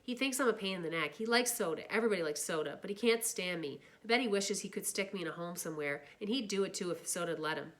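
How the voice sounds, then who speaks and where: A teenage boy who lashes out, bitter and heated. A woman reads his words aloud from a novel. Her voice sits low and pushes louder in anger. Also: fast talker, hardly any pauses, natural voice.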